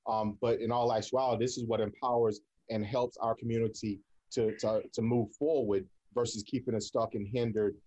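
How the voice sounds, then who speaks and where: Male radio host, mellow tone, upbeat and encouraging, repeats himself for emphasis. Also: fairly low pitch, little pitch movement, normal speed, hardly any pauses. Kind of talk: casual radio talk.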